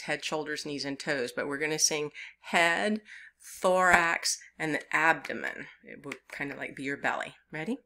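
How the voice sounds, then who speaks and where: A woman's voice: low voice, pushed and bright. A woman with a Southern US accent leading a children's story time as a librarian, talking in a playful, sing-song way and coaxing young listeners to join in.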